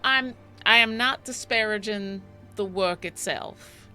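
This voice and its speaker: Bright-voiced woman, formal player. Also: mid-range voice, smooth, soft background music. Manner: formal, measured speech. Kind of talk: in-character tabletop play.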